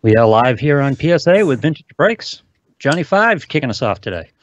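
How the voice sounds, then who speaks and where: A male host running a live stream, brisk and joking in casual chat. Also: medium pitch, big pitch swings, lo-fi sound, a little hiss or hum.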